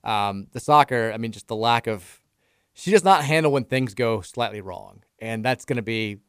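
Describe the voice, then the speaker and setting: Smooth-voiced man on sports radio. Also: mid-range voice, normal speed, no room sound, studio quality. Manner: relaxed, self-deprecating storytelling about family. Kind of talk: casual sports radio banter. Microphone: studio microphone.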